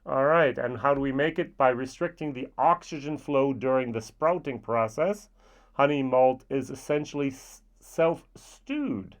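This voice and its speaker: A man's voice: medium pitch, measured pace. Chatty European man reviewing whiskey. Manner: chatty, with playful asides. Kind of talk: casual spoken review.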